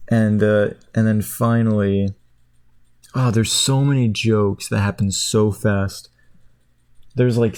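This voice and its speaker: Rambling man retelling a movie. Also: a little mellow. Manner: rambling retelling of a movie, acting out food characters in high squeals. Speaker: streamer. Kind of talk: casual chat while clicking.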